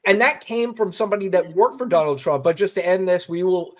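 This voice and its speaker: A man co-hosts a casual political talk show in a blunt manner. He swears freely and reads quotes aloud. His voice sits a little high for a man. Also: a little fast. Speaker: co-host.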